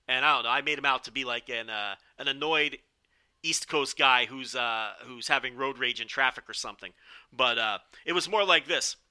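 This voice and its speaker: A man's voice: mid-range voice, normal speed, pushed and bright, clear, resonant tone. A man reviewing a wrestling show in a casual, rambling podcast style, swearing now and then.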